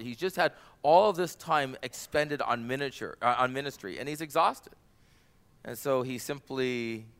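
Male pastor, sermon delivery, bright tense tone, animated. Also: on the high side. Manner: animated, rises loud for quoted cries.

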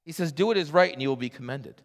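A middle-aged man preaching a sermon as a pastor, animated and acting out voices in his stories. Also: fairly high pitch, fast talker. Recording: long hall reverb.

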